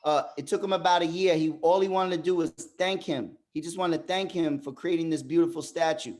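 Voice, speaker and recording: A man's voice: fairly high pitch, steady tone. A man facilitating a fathers' group workshop who talks emphatically and often repeats words as he restarts. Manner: turns soft and slow in reflective parts. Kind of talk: motivational workshop talk.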